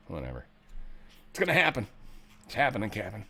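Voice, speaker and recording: A man hosting a casual news commentary show. He rambles, jokes and swears, and his pitch and loudness swing a lot. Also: lively intonation, moderate pace. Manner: joking, rambling, profane. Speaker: show host.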